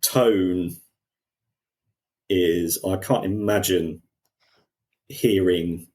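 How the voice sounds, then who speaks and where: A man co-hosting a podcast, talking in an animated way with many restarts and acted quotes. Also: low voice, very slow. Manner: animated, quotes people in put-on voices, frequent restarts. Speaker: podcast co-host. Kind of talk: casual discussion.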